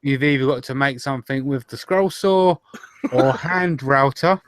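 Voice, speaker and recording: A man's voice: medium pitch, moderate pace, no room sound, clean studio sound. A man co-hosting a casual podcast chat, full of banter. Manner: lively, bantering. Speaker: co-host.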